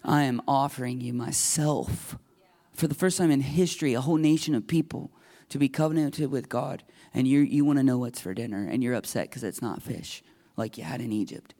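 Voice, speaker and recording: A man's voice: medium pitch, a little fast, dark tone. A middle-aged man preaching a sermon in a conversational, emphatic way, acting out the voices he quotes. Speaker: pastor.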